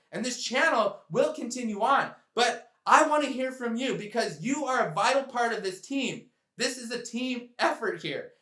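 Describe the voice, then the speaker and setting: A man's voice: very high voice, pushed and bright, reverberant. A man talking straight to camera on his sailing channel, earnest and heartfelt as he addresses his viewers. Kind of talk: direct-to-camera vlog talk.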